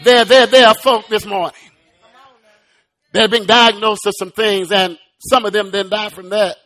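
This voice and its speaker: A male preacher delivering a sermon, building from slow, quiet lines to loud, rising, shouted passages, often repeating words as he restarts. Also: high-pitched, fairly even intonation.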